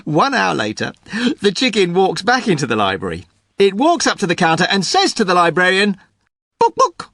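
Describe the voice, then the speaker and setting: A man telling a scripted joke with a hugely animated, swooping pitch and playful storytelling voices. He is recorded on a close, dry studio mic. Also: fairly quick, no echo. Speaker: podcast producer telling jokes.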